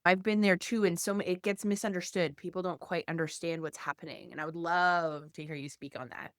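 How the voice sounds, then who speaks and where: A woman hosting a podcast, talking in a calm, reflective way. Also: fairly low pitch, a little fast, no room sound, studio quality. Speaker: podcast host. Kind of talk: podcast interview.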